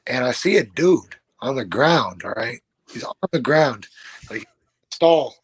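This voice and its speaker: Animated young man telling stories. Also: mid-range voice, unhurried, breathy edge. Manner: animated, profane storytelling. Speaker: guest fighter. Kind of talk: casual interview chat.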